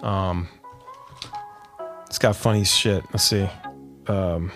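A man's voice: deep voice, fairly even intonation, takes it slowly, a bit bright, faint music behind. A man hosting his podcast stream in a laid-back, rambling chat, dropping fillers and calling listeners "dude". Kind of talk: casual live-stream chat.

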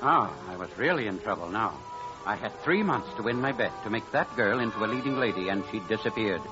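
An actor playing a smooth-talking, scheming male Broadway promoter who narrates, in 1940s radio style. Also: on the low side, lively intonation, brisk, over music, natural voice. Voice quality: glib, persuasive. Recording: dull old radio broadcast.

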